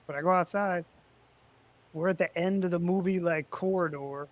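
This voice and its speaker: A man in his thirties co-hosting a podcast, telling stories in casual banter and getting loud as he acts out his confrontations. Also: fast talker. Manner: animated storyteller, loud and high when retelling confrontations. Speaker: podcast co-host.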